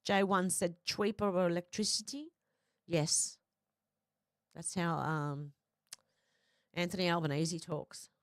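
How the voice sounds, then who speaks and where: A woman's voice: fairly low pitch, fairly even intonation, slow pace, pauses often, no echo, studio quality. Blunt woman reading comments. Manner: blunt, profane, chatty. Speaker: host. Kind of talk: casual livestream reading comments.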